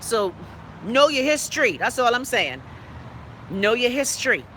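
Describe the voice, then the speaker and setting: Very animated, a Bahamian woman hosting a live show online reads viewer comments aloud indoors, chatting outspokenly with playful dialect asides. Her fairly high voice is bright and forceful at a measured pace, with a little hiss or hum in the background.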